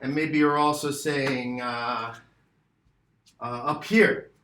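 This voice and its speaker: A man's voice: medium pitch, fairly even intonation, slow pace, a bit bright. A man teaching an English grammar lesson, rephrasing his points and acting out his students' questions. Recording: echoey room.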